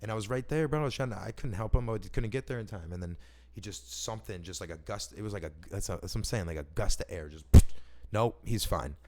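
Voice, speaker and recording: Here a man tells personal stories in a loose, rambling way, excitable and full of slang. He swears often, keeps restarting his sentences, and talks fast in a fairly low pitch.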